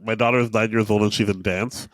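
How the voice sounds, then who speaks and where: A man hosting a podcast, talking in a relaxed, conversational way with jokey asides. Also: lowish voice, fast talker, crowd noise. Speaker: podcast host. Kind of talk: casual chat.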